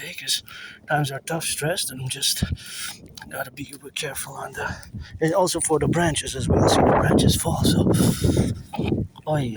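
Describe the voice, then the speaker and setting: A man with a slightly high voice rambles as he walks through city streets. He drifts from thought to thought, repeats himself and mutters asides. He sits back from the mic, and loud noise runs behind him. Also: far from the mic. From Quebec, Canada. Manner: repetitive, drifting, mutters asides under his breath. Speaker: vlogger. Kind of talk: rambling walking monologue.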